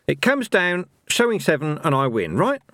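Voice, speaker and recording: Man voicing a cranky old barbarian, high raised voice, gruff, shouting, storybook audiobook. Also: big pitch swings, moderate pace, no room sound, studio quality. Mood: cocky. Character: fierce old barbarian man, loud and quarrelsome.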